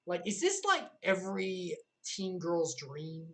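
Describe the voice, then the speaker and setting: A woman's voice: fairly low pitch, big pitch swings, slow, low-quality recording. A young woman casually recapping a video game story on a livestream, with sarcastic, joking asides.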